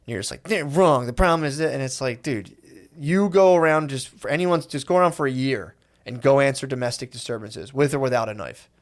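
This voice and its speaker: A man's voice: medium pitch, a little fast. A man co-hosting a podcast in casual banter, rambling and acting out quotes in sudden voices. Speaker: podcast co-host.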